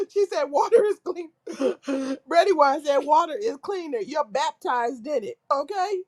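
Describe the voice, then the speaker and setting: A woman's voice: high-pitched, lively intonation, a little slow. A woman hosting a casual livestream, reading viewers' comments aloud while laughing helplessly through nearly every line. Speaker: livestream host reading chat.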